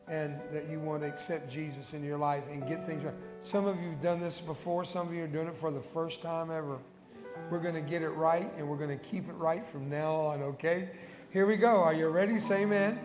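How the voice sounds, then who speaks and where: An older man, a guest evangelist, leading an altar call and a spoken prayer in a large church sanctuary, fervent and coaxing, with murmured praise between lines. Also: a little high. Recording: echoey hall with worship music behind.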